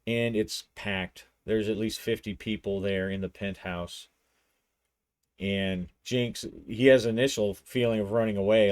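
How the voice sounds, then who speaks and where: A man's voice: on the low side, darkish tone, dry recording. A man narrating a solo tabletop roleplaying session, storytelling with frequent restarts.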